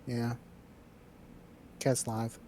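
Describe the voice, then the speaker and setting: A laid-back co-streamer chatting casually, quick to laugh and swearing now and then. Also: mid-range voice, flat delivery, mellow. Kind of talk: casual chat on a livestream.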